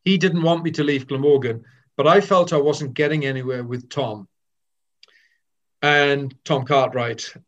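An older man from Wales telling candid stories of his cricket career, lively and with frequent restarts. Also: on the high side, unhurried, dull audio. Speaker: former cricketer. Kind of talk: reminiscing storytelling.

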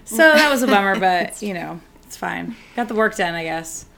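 A woman co-hosting a casual chat, hoarse and raspy after a throat infection, talking in a laid-back way that trails off. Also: mid-range voice, lively intonation, moderate pace, over a noisy crowd. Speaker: podcast co-host.

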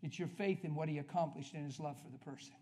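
High-voiced energetic male preacher. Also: quick pace. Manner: energetic, conversational, coaching the crowd with questions. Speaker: preacher leading a healing service. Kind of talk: sermon.

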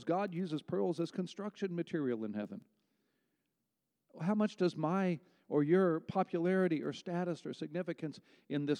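Guy preaching a sermon, kinda high but mellow, talks right to the crowd, lots of questions, big echoey church. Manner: conversational, emphatic preaching with rhetorical questions. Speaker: pastor.

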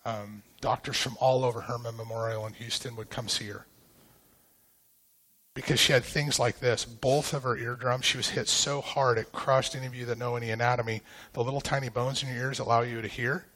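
A middle-aged man, a pastor giving a personal testimony, telling it in a halting, emotional way with many restarts. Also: mid-range voice, little pitch movement, fairly bright tone.

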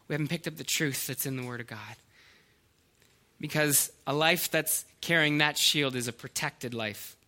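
A man's voice: fairly high pitch, normal speed, pushed and bright. A middle-aged male pastor preaching a sermon, earnest and storytelling, with small hesitations and restarts.

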